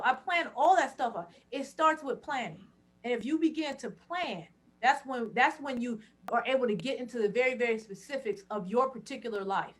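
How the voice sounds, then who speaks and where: A woman in her thirties, a podcast guest, telling stories in a loud, animated way with quick laughing asides. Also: high-pitched. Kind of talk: animated storytelling.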